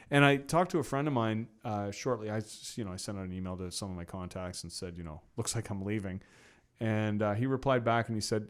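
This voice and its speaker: A middle-aged man, a podcast guest, telling a long story in a casual, animated way, acting out the quoted exchanges with lots of fillers. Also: on the low side, fairly quick, clean tone.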